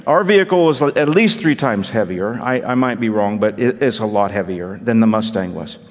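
Storytelling pastor in a reverberant church. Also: male voice, on the low side, expressive, moderate pace. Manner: storytelling, self-deprecating humor, asides to congregation. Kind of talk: sermon with personal story.

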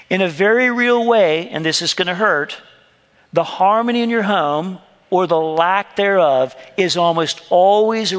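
A pastor preaches a sermon, addressing the congregation conversationally and acting out little quoted exchanges. His voice is fairly high and a bit bright, with a long reverb tail.

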